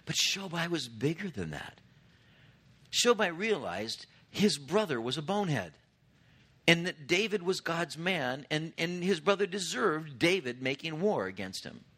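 A man's voice: fairly high pitch, big pitch swings, a little slow, a bit bright, husky. A man in his fifties preaching a sermon, retelling scripture in an earnest, conversational way. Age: 50s. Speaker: pastor.

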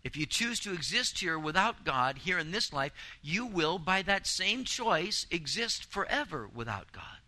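A man's voice: high-pitched, big pitch swings, unhurried, few pauses, bright, forceful tone, rough recording. A man preaching a sermon, earnest and emphatic, building intensity with repeated phrases. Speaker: pastor.

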